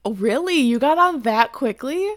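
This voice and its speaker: A woman's voice: high-pitched, animated, normal speed, no echo, clean studio sound. A woman co-hosting a podcast in casual, rambling chat, giggling and swearing freely, in her just-woken morning voice. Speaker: podcast co-host.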